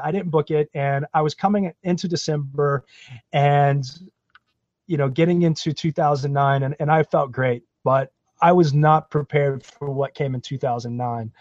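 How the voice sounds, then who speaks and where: A man from Florida telling his career story in a podcast interview, animated and self-deprecating. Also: fairly high pitch, no room sound, muffled recording. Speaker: guest, actor.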